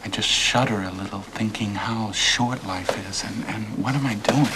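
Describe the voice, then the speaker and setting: A man's voice: lowish voice, very noisy, natural voice. A man playing a restless, bitter young son. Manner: tense, bitter, halting. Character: restless young man, grown son longing to leave home. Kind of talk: film drama acting.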